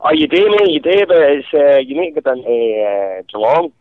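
A man's voice: fairly high pitch, expressive, normal speed, no room sound. A hungover man calling in to a radio show, rambling and swearing with many ums. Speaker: caller. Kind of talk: casual phone chat. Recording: dry tinny phone line.

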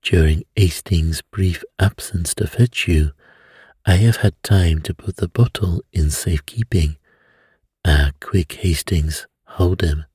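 A man voicing a placid, precise middle-aged male detective in a bedtime story, speaking calmly and gravely. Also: sits low, no echo, heavily acted. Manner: calm, grave and measured.

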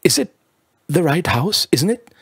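A man's voice: big pitch swings, a little slow, slightly rough, no room sound, studio quality, exaggerated voice. A man doing a nervous, pleading young aesthete. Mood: anxious, pleading. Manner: pleading, fretful, high-strung. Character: lean, nervous young man, anxious and melodramatic.

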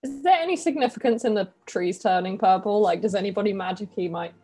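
A woman's voice: mid-range voice, fast, warm tone. Curious woman player at a game table. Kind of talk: casual chat.

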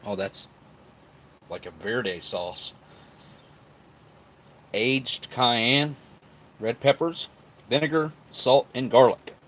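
A man's voice: mid-range voice, extremely slow, pauses often, fairly bright tone. A man chatting casually to his viewers while he tastes old food, sometimes talking with his mouth full. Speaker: food reviewer. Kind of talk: casual vlog talk to camera.

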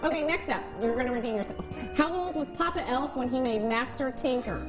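A woman hosts a lively morning interview on local TV, bubbly, playful, and quick to laugh. Her voice sits high over music, and the recording is rough.

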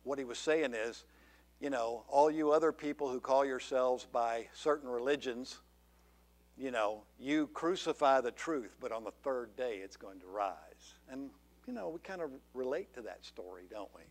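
In a church sanctuary, a pastor from Georgia, USA, preaches a sermon in a mid-range voice at a moderate pace. He's earnest and fills his message with rhetorical questions for the congregation.

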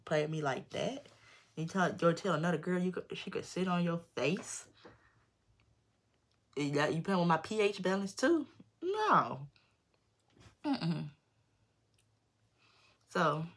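Woman, young adult, vlogger, gravelly, emphatic slangy storytelling. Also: low voice. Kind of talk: storytime vlog.

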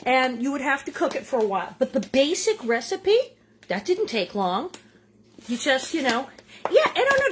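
An older woman chats her way through a home cooking video, lively and animated as she tastes and serves. Her voice sits a little high for a woman. A faint hiss of background noise runs under the kitchen recording. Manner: chatty and animated, tasting and exclaiming. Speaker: cooking show host. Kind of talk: casual cooking vlog chat.

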